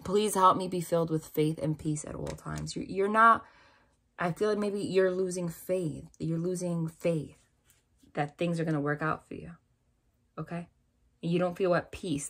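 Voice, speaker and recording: A woman's voice: on the low side, vocal fry. A woman giving a tarot and angel-message reading, talking in a chatty, reassuring way with many fillers. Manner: chatty, reassuring, lots of "like" and "right?". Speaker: tarot reader. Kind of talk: spiritual reading to camera.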